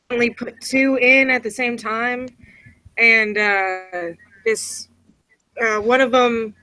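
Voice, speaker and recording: Giggly woman chatting slowly. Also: fairly high pitch, fairly bright tone, poor audio. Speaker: host feeding her pet snake on a group call. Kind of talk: casual group chat.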